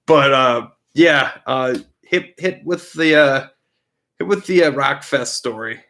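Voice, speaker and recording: A man's voice: medium pitch, takes it slowly. Rambling, profane young man storyteller. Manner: rambling, profane, animated retelling with filler "like" and "frickin'"; acts out quoted friends with shifted voices. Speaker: podcast co-host. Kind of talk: casual storytelling.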